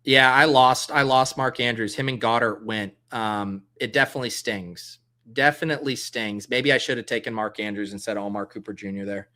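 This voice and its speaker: A man talks casually on a livestream, thinking out loud and tossing in jokes as he goes. His voice is bright and forward, at an ordinary middle pitch. He keeps up an easygoing, rambling chat with his viewers. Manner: thinks aloud, reads chat comments, loose and joking. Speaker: livestream host drafting fantasy football.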